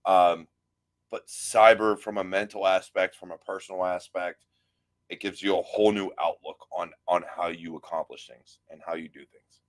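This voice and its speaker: A man's voice: deep voice, fairly even intonation, moderate pace. A man hosting a podcast, chatting casually and telling stories with quoted voices, swearing now and then. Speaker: podcast host. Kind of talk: casual conversation.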